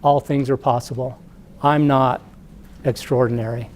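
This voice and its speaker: A middle-aged man, an entrepreneur, giving a talk to students as an animated storyteller who acts out the voices. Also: mid-range voice, normal speed. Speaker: entrepreneur guest speaker.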